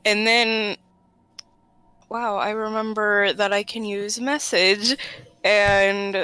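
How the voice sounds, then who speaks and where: Tabletop game player, voice call, hesitant, giggly, smooth bright voice, dry close sound. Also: mid-range voice, fairly even intonation, slow, dry recording. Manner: hesitant, giggly, soft-spoken. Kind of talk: casual tabletop game chat.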